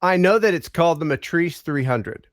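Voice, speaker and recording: A man's voice: fairly high pitch, animated, moderate pace, no room sound, studio quality. A man guesting on a live stream, joking playfully in casual chat over a video call. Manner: jokey, playful, mock-Australian quips.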